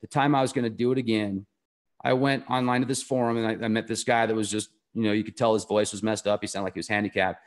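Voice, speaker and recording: A man's voice: lowish voice, fairly even intonation, quick pace. A man as an interview guest, telling a story in an earnest, enthusiastic and rambling way. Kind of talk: casual conversational storytelling.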